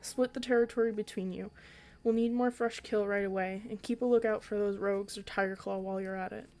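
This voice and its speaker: A woman's voice: medium pitch, fairly even intonation, brisk, a little mellow, close to an everyday voice. A woman reading aloud as a young male warrior cat who is earnest and anxious, and who hesitates and stammers at times. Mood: urgent.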